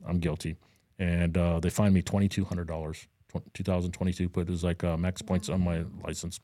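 A deep, mellow-voiced man spins a casual story on a podcast, jumping up in pitch whenever he acts out someone else's words. The recording is dry and close, with no room around him. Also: a little fast, dry recording. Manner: animated, acts out quotes with a higher voice. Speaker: podcast co-host. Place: Daytona Beach, Florida.

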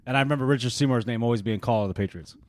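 A man co-hosting a casual podcast over beers, animated and laughing often, swearing freely. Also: mid-range voice, racing, dry recording, studio quality. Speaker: podcast co-host.

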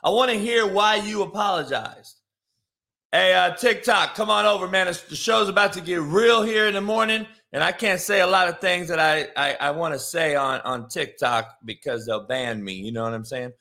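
A man hosting a live morning stream, ranting profanely and confrontationally, mocking and shouting at his chat. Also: high voice, moderate pace, creaky, few pauses. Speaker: live show host. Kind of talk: brash live-stream rant.

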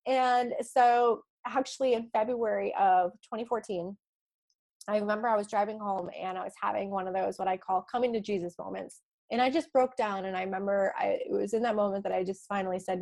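A woman's voice: medium pitch, steady tone, brisk, vocal fry, darkish tone. A woman recounts a personal story as an interview guest. She talks casually and animatedly, acting out her own past conversations and often breaking into a light laugh. Her voice sits in a middle register. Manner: frequent light laughs and restarts.

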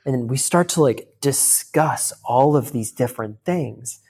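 A man in his thirties, an interview guest, telling a heartfelt personal story in a rapid, casual way full of fillers. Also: mid-range voice, a little mellow, slightly rough. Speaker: podcast guest.

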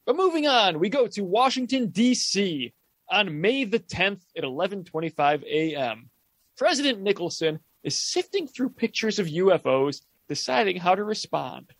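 A man's voice: high-pitched, sing-song, normal speed, a bit bright. A man co-hosting a podcast, recapping a movie plot with wry, joking commentary. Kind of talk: casual comedic movie commentary.

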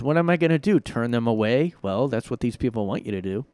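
A man's voice: medium pitch, brisk, few pauses, darkish tone, no room sound. Rambling sarcastic guy podcasting alone. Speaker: podcast host. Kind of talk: casual solo commentary. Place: his own room.

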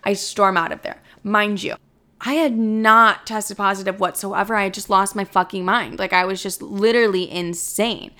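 A young woman telling a personal story casually, brash and profane, self-mocking, quoting people with lively energy. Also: mid-range voice, moderate pace.

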